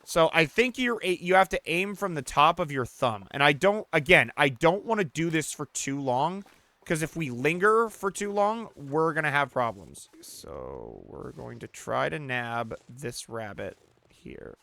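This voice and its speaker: Excitable man narrating his gameplay. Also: fairly high pitch, measured pace, gravelly, dry recording. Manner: excitable, swears and shouts at misses; talks to the player character and the audience. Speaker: let's play host. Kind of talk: casual gaming commentary.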